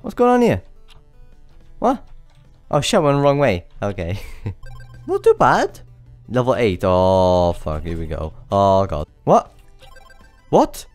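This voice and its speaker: A man's voice: fairly low pitch, huge pitch swings, takes it slowly, long pauses, darkish tone, no echo, soft background music. Frantic swearing gamer guy. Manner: swearing, frantic exclamations while playing. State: out of breath. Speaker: gaming channel host. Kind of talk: let's play commentary.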